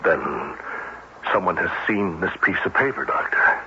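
An actor playing a skeptical police captain, questioning a witness in an old-time radio drama. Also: male voice, low voice, animated. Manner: questioning, skeptical, brisk interrogation. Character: probing male police captain. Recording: dull old radio broadcast with faint hiss.

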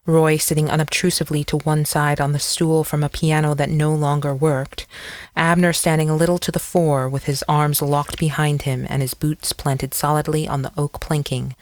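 An audiobook narrator reading a novel in a measured, descriptive storytelling manner. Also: medium pitch, no echo, clean studio sound. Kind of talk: scripted narration.

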